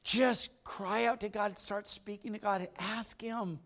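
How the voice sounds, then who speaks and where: A man's voice: high voice, steady tone, a little slow, pushed and bright. A man preaching a sermon as pastor, emphatic, repeating his phrases and putting questions to the congregation.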